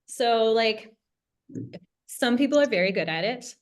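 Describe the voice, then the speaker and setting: A woman's voice: fairly high pitch, expressive, a little slow. A woman guest, easygoing and friendly, who laughs at herself while chatting over a video call mic. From USA. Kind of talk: casual online group chat.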